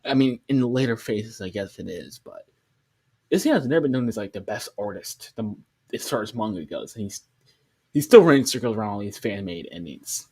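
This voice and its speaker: A man's voice: fairly low pitch, animated, fairly quick, darkish tone, slightly rough. A man giving casual reaction commentary on a comic. He rambles, restarts his sentences often and keeps asking questions in disbelief. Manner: rambling, with many restarts and fillers; incredulous, questioning.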